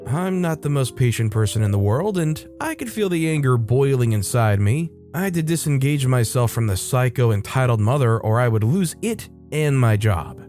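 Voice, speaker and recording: A man's voice: medium pitch, animated, normal speed, few pauses, darkish tone, faint music behind. A man narrating Reddit stories aloud with wry, conversational asides. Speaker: storytime narrator.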